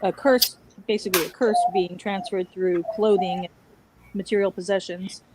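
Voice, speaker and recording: A woman's voice: mid-range voice, fairly even intonation, moderate pace, heavy background noise. A woman taking part in a casual group Bible study, thoughtfully drawing connections between passages.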